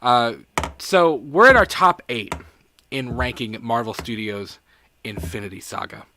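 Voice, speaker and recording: Over some background noise, a young podcast co-host speaks in an expressive, medium-pitched voice at a measured pace. During this casual live-stream chat for a movie podcast, he laughs a lot, reads chat messages out loud, and gets sentimental.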